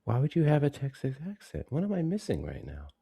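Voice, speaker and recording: A man's voice: mid-range voice, wildly swooping pitch, brisk, creaky, mellow, breathy edge, no echo. A man co-hosting a casual live-stream chat, making dry, wry remarks.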